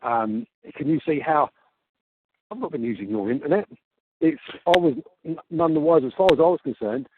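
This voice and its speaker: A man making a heated complaint on a phone call, halting and repeating himself in exasperation. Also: fairly high pitch. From Australia. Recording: tinny phone-call recording with hiss.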